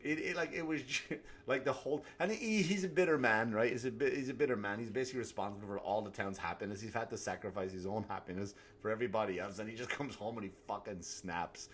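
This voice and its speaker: A man's voice: fairly low pitch, fast talker, fairly bright tone. Profane ranting male comedian. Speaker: comedian podcast host. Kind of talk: solo comedic rant.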